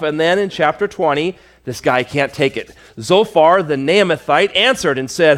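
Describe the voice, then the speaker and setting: A man's voice: fairly high pitch, expressive, moderate pace, hardly any pauses, a bit bright. A male pastor preaching a conversational, emphatic sermon to his congregation.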